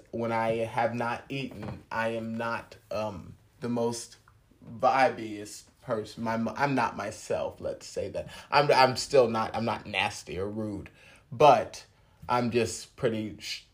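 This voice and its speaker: Slow, halting man preaching gently. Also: mid-range voice. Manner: slow, halting, with restarts and soft laughs. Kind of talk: relaxed personal sermon.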